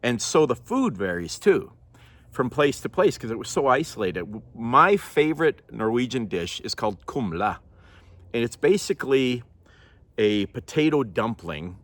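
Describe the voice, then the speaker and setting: A man from Norway chatting casually to camera, laughing now and then and clearing a scratchy throat. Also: medium pitch, sing-song, moderate pace, fairly bright tone, no echo. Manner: chatty, laughs often, self-correcting. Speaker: vlogger.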